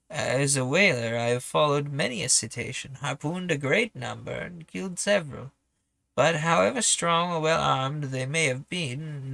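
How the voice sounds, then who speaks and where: A man voicing a skeptical male Canadian whaler in a put-on French accent, talking low and slow. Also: gravelly, sharp tone, no echo.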